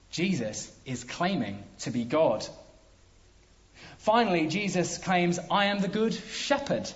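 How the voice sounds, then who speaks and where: A man preaching a sermon, emphatic, with dramatic pauses. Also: high-pitched, very animated. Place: church hall. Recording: dull lo-fi sound.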